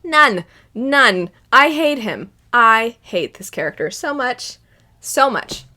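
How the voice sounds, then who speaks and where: Bright-voiced young woman, animated talk. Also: fairly high pitch, slow. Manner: animated, bursts into loud exasperated outbursts. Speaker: anime reaction host. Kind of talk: casual spoken commentary.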